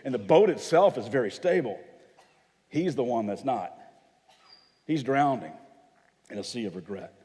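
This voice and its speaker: A pastor preaching a sermon, telling stories vividly and acting out the voices of people in them. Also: male voice, mid-range voice, animated, normal speed, pauses often, a little mellow, big-room sound. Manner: dramatic storytelling, acts out quoted voices. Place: church hall.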